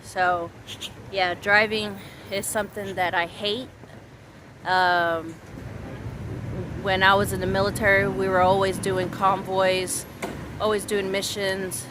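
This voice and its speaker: A woman in her thirties venting on a casual vlog, rambling and halting, swearing often. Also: mid-range voice, flat delivery, noisy background. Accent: Southern US. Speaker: vlogger.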